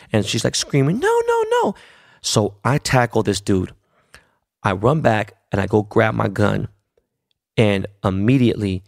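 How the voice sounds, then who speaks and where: A man hosting a podcast, telling a story in a profane, animated, casual way. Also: lowish voice, vocal fry, dry recording, studio quality. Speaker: podcast host.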